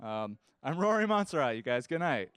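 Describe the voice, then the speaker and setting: A young man performing a rambling, self-deprecating stand-up set on a comedy stage, full of halting restarts. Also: medium pitch, sing-song, a bit bright, slight background noise. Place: comedy stage before a live audience.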